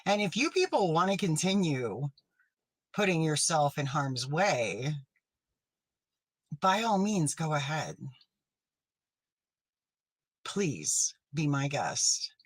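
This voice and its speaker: A man playing a petty, vindictive woman livestreamer in a comedy sketch, accusing and self-righteous, sometimes dropping to a sharp whisper. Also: fairly high pitch, sing-song, takes it slowly, long pauses, no room sound, full character voice, rough recording. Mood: scolding.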